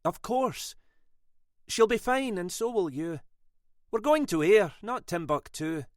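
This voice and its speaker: A man voicing a brisk woman driver who is dry, teasing and firm. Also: sits high, lively intonation, no room sound, pitched above the performer's own voice. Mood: wry, firm.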